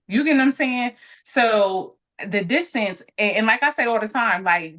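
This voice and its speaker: A woman in her late thirties speaks at a medium pitch as a podcast guest. She talks candidly and reflectively in a relaxed conversation.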